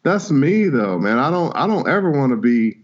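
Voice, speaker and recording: A man's voice: mid-range voice, moderate pace, dull audio. A man, a guest voice actor, chatting casually and animatedly in an interview. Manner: animated, laid-back storyteller.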